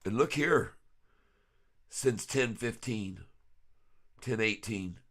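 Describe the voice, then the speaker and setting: Excitable male stock vlogger with a bright, forceful voice and quick rhyming hype. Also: on the low side. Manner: excitable, laughs often, rhyming hype riffs. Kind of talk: live market commentary.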